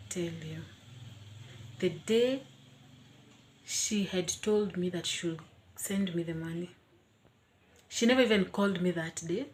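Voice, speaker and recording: Expressive young woman telling a story. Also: on the low side, slight background noise. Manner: animated, expressive storytelling with dramatic questions. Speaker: vlogger. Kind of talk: casual storytelling vlog.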